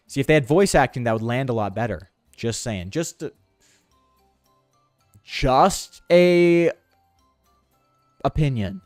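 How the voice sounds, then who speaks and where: A joking, slangy male streamer whose pitch bounces all over as he riffs on the game. His voice sits dry and close to the mic, with faint game music underneath. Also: expressive, slow pace, long pauses, a little mellow, dry recording. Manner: joking, self-mocking, slangy, breaks into character voices. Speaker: gaming streamer. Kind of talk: casual gameplay commentary.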